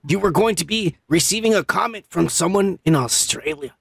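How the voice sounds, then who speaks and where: A podcast host, a man who is high, rambling loosely in casual chat and swearing a lot. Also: lively intonation, normal speed, gravelly, slightly rough, dry recording. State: high on cannabis.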